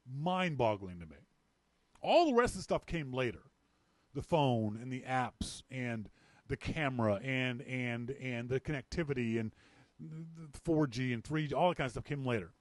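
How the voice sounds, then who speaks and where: A man from Canada hosting a podcast, telling a story in a casual, animated way and acting out the lines of people in it. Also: mid-range voice, normal speed, dry recording. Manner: animated, acts out quoted dialogue. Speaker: podcast host.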